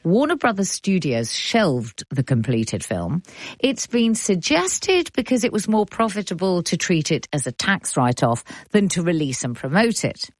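A woman with an English accent hosting a radio arts show, presenting scripts crisply and playfully. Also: on the low side, sing-song, measured pace, no room sound. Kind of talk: broadcast presenting and scripted narration. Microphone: studio mic.

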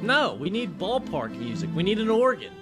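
A man's voice: high voice, huge pitch swings, moderate pace, over loud music. A man co-hosting sports talk radio and giving upbeat, emphatic score updates.

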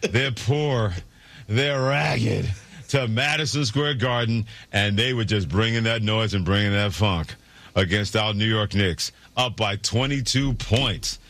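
Bright, sardonic sports talk host. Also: male voice, on the low side, a little slow, no room sound. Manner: sardonic, storytelling. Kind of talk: sports talk show commentary.

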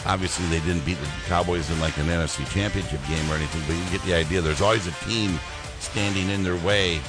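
A man's voice: low-pitched, fairly even intonation, quick pace, over music. A man hosting a sports radio segment, talking in a conversational, rambling way.

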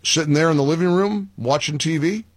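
A man hosting a talk radio show, his voice pitched a little high with a husky edge. He speaks emphatically, with sarcastic asides, into a dry, close studio mic. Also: brisk, no room sound. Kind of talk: talk radio monologue and caller chat.

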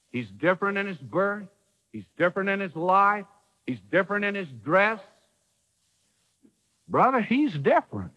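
A man preaching in a high, lively voice that swoops up and down, with folksy turns of phrase and dramatic quoted lines. The sermon comes through an old radio broadcast with a long hall echo behind him.

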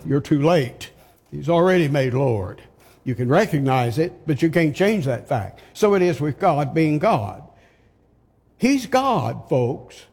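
A man's voice: fairly high pitch, a little mellow. An older man preaching an expository sermon, reading scripture aloud and pressing his points with emphatic rhetorical questions. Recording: long reverb of a large hall.

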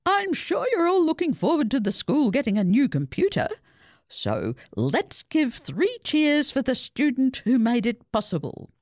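A woman voicing a cheerful male school headmaster making an announcement, in a booming, cheery voice. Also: sing-song, a little slow, darkish tone, dry recording, clean studio sound.

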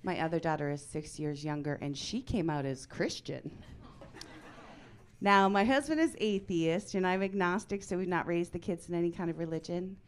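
A woman in her forties performing a stand-up comedy set on a club stage, deadpan with sudden loud punchlines. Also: on the low side, normal speed, slight background noise.

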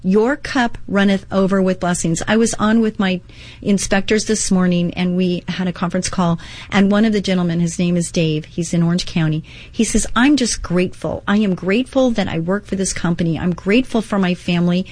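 A woman's voice: lowish voice, a little fast, a little mellow. A middle-aged woman hosting a Christian inspirational radio talk show, earnest and encouraging, mixing devotional readings with personal asides.

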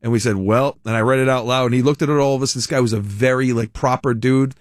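A man's voice: mid-range voice, steady tone, quick pace, no room sound, studio quality. A man hosting a radio talk show, chatting casually and telling rambling, self-interrupting stories with amusement. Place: radio studio. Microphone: studio microphone.

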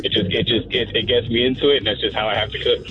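A man's voice: medium pitch, steady tone, quick pace, highs cut off, background noise. A man calling a radio show, easygoing and modest. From Hispanic heritage. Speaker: caller. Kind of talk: call-in radio chat.

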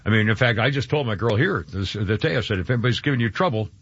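A man's voice: fairly low pitch, animated, racing, fairly bright tone, husky. A man hosting a radio show, chatting casually in a rambling, jokey way with lots of fillers and restarts. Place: radio studio. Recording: dull lo-fi radio broadcast.

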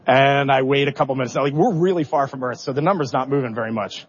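A middle-aged man, a spacecraft commander, telling stories in a public interview, animated and self-deprecating, acting out his own reactions and at times holding back tears. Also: mid-range voice, fast, breathy edge, highs cut off.

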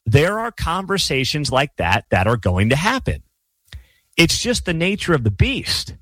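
A man hosting his own college football channel, giving blunt opinionated commentary with sarcastic asides and animated rants. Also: fairly high pitch, unhurried, dry recording.

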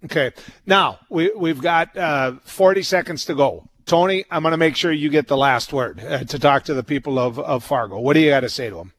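A man hosting a live radio talk show, briskly keeping time and handing over to his guest. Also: a little high, no room sound. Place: by a lake outdoors.

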